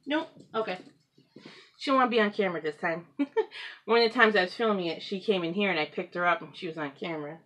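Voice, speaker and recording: A woman hosting a home craft podcast, talking casually and rambling, often laughing and clearing her throat. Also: on the low side, quick pace, fairly bright tone, muffled recording. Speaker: knitting podcast host. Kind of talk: casual craft chat to camera. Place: at home with pets.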